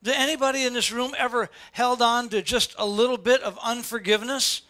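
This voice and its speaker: A man's voice: very high voice, fairly even intonation, a little fast, pushed and bright. An older man, a pastor preaching a sermon to his congregation, pressing his points with repeated, rising questions. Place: church sanctuary before a congregation.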